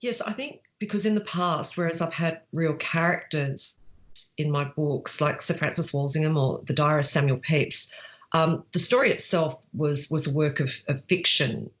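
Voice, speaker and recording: Speaking at a moderate pace in a low voice, a middle-aged author chats her way through interview questions. She often uses fillers and restarts herself, and laughter creeps in as she tells her stories.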